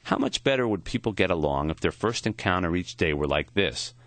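A man narrating an audiobook in a measured, expressive reading, recorded on a close studio mic. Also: low voice, dry recording. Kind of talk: scripted narration.

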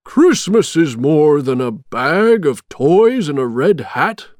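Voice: medium pitch, big pitch swings, slow, a little mellow, dry recording, clean studio sound, voice pushed up. A storybook narrator voicing a stern, proud old Santa Claus who speaks firmly. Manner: firm, declaring.

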